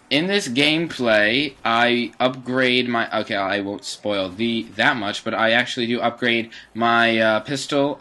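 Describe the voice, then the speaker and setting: A man's voice: mid-range voice, bright, forceful tone. A teenage boy giving casual, rambling commentary over his gameplay, with lots of fillers and self-corrections. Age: teens.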